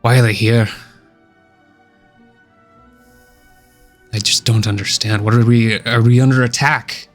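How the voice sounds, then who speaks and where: A man voicing a weary old dwarf commander who speaks slowly and solemnly in a tabletop game. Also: mid-range voice, steady tone, soft background music, natural voice. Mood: troubled.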